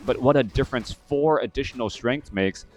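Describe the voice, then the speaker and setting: A man commentating a strategy video game match, giving play-by-play in a steady, measured way with occasional fillers. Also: medium pitch, faint music behind.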